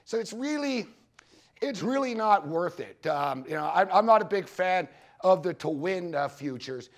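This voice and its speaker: A man's voice: high voice, lively intonation, normal speed. A man giving a conference talk on sports betting, telling profane, punchy anecdotes and repeating his points for the audience. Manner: profane, storytelling, punchy repetitions. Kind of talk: animated anecdotal presentation.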